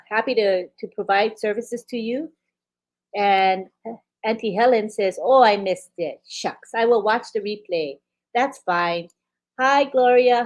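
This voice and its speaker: Upbeat woman reading live chat comments. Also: mid-range voice. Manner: upbeat, reads comments aloud one after another. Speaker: co-host reading viewer comments.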